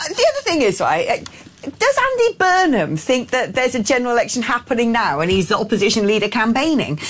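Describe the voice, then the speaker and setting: A woman hosting a political talk show, sarcastic and mocking, with quick impressions of the people she criticizes. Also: high voice. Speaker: host. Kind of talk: political opinion chat.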